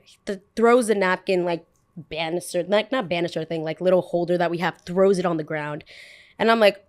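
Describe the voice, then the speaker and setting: Young woman ranting a storytime, "i was like" every line, mid pitch, fast bursts. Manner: animated retelling, full of "I was like" quotes, bursts of fast talk. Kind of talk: casual storytime vlog.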